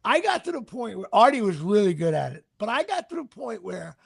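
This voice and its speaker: Middle-aged male actor, high husky voice, rambling casual anecdotes. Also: very animated, a little fast. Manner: rambling, restarts sentences, sports asides. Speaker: actor guest.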